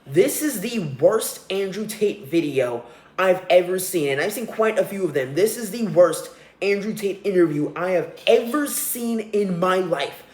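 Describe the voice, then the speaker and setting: A man's voice: high voice, expressive, normal speed. A young man hosting a solo podcast, ranting with profanity and scorn. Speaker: podcast host. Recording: roomy echo.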